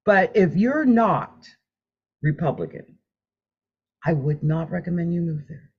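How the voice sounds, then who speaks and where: A woman's voice: fairly low pitch, unhurried, slightly rough. A chatty woman reading tarot cards on a live stream, laughing often and humming as she draws. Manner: chatty, animated, laughs often, hums while drawing cards. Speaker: tarot card reader. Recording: dull lo-fi sound.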